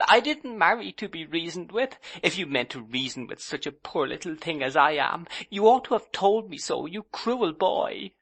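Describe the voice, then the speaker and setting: A man reading an audiobook, voicing a childish, pleading young wife who sobs and coaxes in a much higher voice. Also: sing-song, normal speed, hardly any pauses, a bit bright, full character voice. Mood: tearful. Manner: pleading, sobbing, coaxing.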